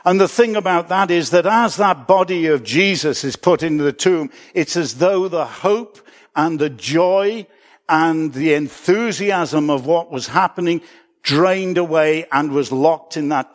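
A man preaches a sermon in an earnest, reflective way. His voice sits a little higher than most men's, and he pauses to chuckle and correct himself as he goes. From Britain. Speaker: pastor.

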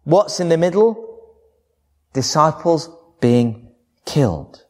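Animated male preacher with a lively voice. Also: fairly high pitch, takes it slowly. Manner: expressive, varied emphasis. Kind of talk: sermon.

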